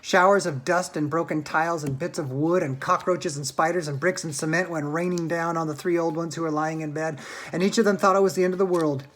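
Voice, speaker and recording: A man reading a children's book aloud at home, in a plain, unhurried way with small slips. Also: fairly high pitch, steady tone, fairly bright tone. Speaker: storyteller.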